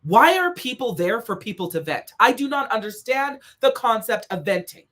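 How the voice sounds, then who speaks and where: A woman's voice: a little high, very animated, normal speed, fairly bright tone. Woman life coach delivering a blunt, profane motivational talk that hammers its points home. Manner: blunt, emphatic, heavy swearing; repeats points for emphasis. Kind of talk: motivational monologue.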